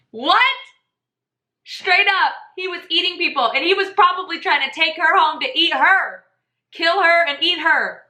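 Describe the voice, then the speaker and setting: A woman hosting a podcast, telling a story in a chatty, animated way and laughing often. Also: sits high, slow pace, roomy sound. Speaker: podcast host. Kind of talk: casual storytelling monologue.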